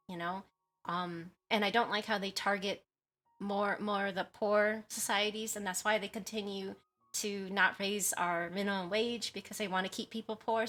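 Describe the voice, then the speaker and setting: A woman's voice: mid-range voice, a bit bright. A woman from the US West Coast, chatting casually on her livestream and reading chat aloud, with frequent giggles. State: has a headache. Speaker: streamer.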